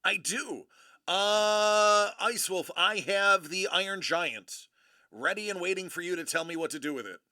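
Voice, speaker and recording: A man's voice: high voice, expressive, normal speed, sharp tone. A man hosting a casual live stream, greeting viewers by name and rambling in a laid-back way. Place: California home studio.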